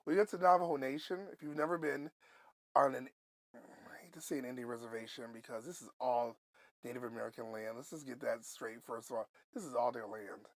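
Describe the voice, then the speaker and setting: Man, podcast storyteller, animated, swearing, rambling asides, dry close sound. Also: medium pitch, a little fast, dry recording. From Buffalo, New York. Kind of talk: casual storytelling.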